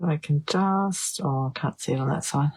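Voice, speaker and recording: A woman's voice: low voice, normal speed, a little mellow, husky. A woman demonstrating card making on a live stream, chatting and thinking aloud as she decides. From Australia. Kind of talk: live crafting stream chat.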